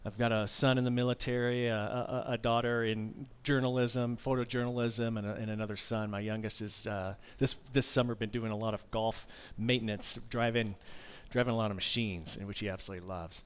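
A man's voice: lowish voice, little pitch movement, a little fast, few pauses, clean tone. Man in his fifties preaching conversationally. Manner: conversational storytelling with candid asides. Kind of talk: sermon.

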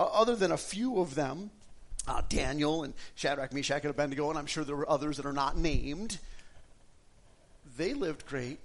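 A man from Wisconsin preaching a sermon, telling his own testimony with feeling, swinging between loud passages and hushed ones. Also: fairly high pitch. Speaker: pastor giving his testimony.

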